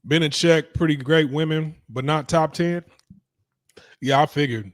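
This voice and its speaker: A young adult man with a slightly high voice, hosting a casual stream. He talks bluntly and profanely, dismissing what he reads with animated scorn. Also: a little slow, no echo, studio quality. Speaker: streaming talk show host. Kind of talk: casual reaction commentary.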